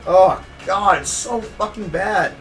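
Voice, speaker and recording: A man's voice: high-pitched, takes it slowly, fairly bright tone. A young man hosting a casual gaming podcast, ranting emotionally and swearing often. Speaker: podcast host. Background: music.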